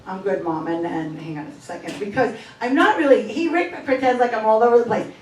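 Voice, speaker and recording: A middle-aged woman performing a stand-up comedy set in a club, chatty and self-deprecating, with quick asides. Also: on the high side, expressive, slight background noise. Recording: echoey club from far off. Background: audience laughter.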